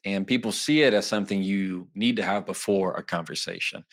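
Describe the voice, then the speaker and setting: A man, a lawyer guest on an interview show, explaining his ideas in a lively way and often acting out little quoted exchanges. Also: fairly low pitch, a little fast, hardly any pauses. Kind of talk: interview answers, explaining and teaching.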